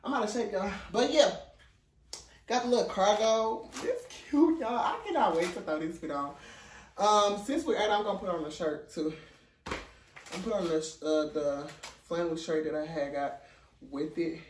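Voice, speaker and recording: A young man, filming a casual try-on haul in his dorm room, out of breath, playful and sassy, with excited high squeals. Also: normal speed, pauses often, far from the mic, slight background noise. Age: young adult. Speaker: vlogger. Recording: roomy, from off the mic.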